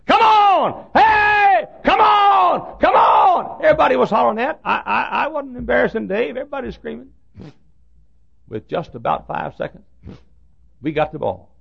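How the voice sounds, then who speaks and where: A man preaching a sermon, telling a folksy story in an animated way that builds suspense. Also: sits high, gravelly. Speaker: pastor. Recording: dull lo-fi sermon recording.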